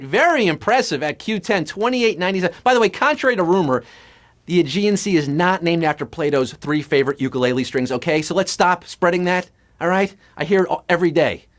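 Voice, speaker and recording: With music in the background, a man hosts live trivia in a high, somewhat bright voice. He moves briskly through the questions and drops puns and jokes as answers come in.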